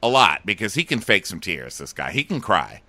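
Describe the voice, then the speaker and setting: A man's voice: deep voice, moderate pace, dry recording. A man co-hosting a podcast, recapping a reality show in casual chat and acting out quotes. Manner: animated, acts out quotes, laughs often. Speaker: podcast co-host.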